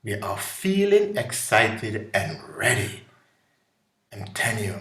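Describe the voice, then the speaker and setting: A man from Jamaica with a Jamaican accent, a guest musician giving an animated, preachy inspirational talk. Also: on the low side, slow pace, reverberant. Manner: preachy, animated, acts out voices.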